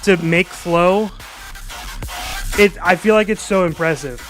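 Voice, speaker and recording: A man's voice: high voice, measured pace. A young man streaming live, reacting to new music in a casual, enthusiastic way and chatting with his viewers.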